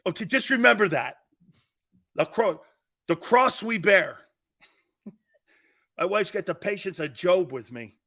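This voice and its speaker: Male sports-talk host, brash and rambling, slightly high pitch, bright punchy tone. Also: animated, slow pace, pauses often. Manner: brash, rambling, jumps into loud outbursts; laughs at his own jokes. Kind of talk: sports talk rant with storytelling.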